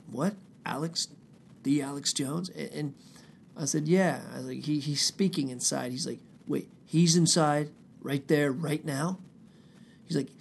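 A man's voice: medium pitch, creaky, a little hiss or hum. A man telling a long personal story in a casual, profane, rambling way, often quoting others. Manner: profane, rambling, animated retelling with quoted voices.

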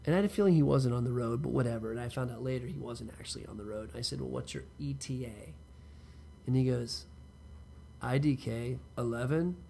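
Here the same kind of casual storytelling comes quickly and warmly: a man with a mid-pitched, gravelly, fry-roughened voice recounts a loose, profane episode from his life. He addresses the listener directly, wanders into side remarks, and a faint hum of room noise sits underneath.

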